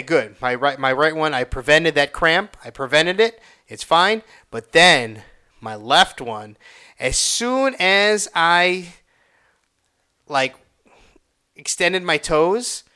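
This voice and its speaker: Young man, bright tense voice, rambling and profane, casual storytelling. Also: on the high side, clean tone. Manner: profane, rambling, reenacts his own pained outbursts.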